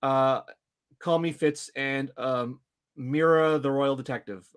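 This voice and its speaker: Man, casual podcast co-host, mid pitch, halting, lots of restarts. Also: fairly even intonation, smooth. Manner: halting, many restarts and fillers. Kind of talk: casual chat.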